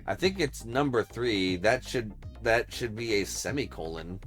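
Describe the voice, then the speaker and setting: A man's voice: lowish voice, expressive, a little slow, fairly bright tone. A man streaming a video game, thinking aloud in casual commentary and muttering to himself. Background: game music.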